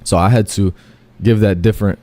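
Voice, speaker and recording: A man's voice: on the low side, steady tone, fairly quick, dark tone, dry recording. A man telling a long, rambling first-person story, full of fillers, self-corrections and casual swearing.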